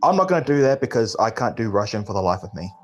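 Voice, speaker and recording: A man's voice: on the low side, big pitch swings, quick pace, faint music behind. A man with a New Zealand accent co-hosting a casual chat show, trading easygoing, teasing banter. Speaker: co-host.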